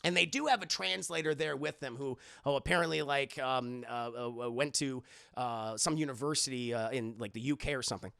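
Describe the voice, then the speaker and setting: A man's voice: mid-range voice, fairly quick, creaky, bright, forceful tone, clear, resonant tone. A man casually recapping a movie on a livestream, rambling and profane, often talking to his chat and acting out characters' lines. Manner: acts out characters' lines as he retells scenes.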